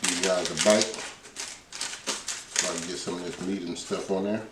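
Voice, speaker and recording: A man's voice: deep voice, fairly even intonation, normal speed, reverberant, distant mic, heavy background noise. A man hosting a casual cooking vlog in his home kitchen, chatty, talking while he tastes his food. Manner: chatty, talks with mouth full while tasting. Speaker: cooking channel host.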